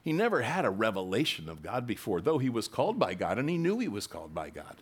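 A man preaching a sermon, reading scripture aloud with bursts of loud emphasis and casual asides to the congregation. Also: lowish voice, wildly swooping pitch, fast, breathy edge. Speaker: pastor.

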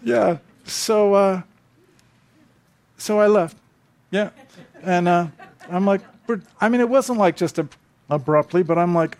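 A man's voice: high voice, a little slow, long pauses, darkish tone. A man preaching a sermon, telling stories conversationally and acting out quotes with animation. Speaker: pastor. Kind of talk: sermon with storytelling.

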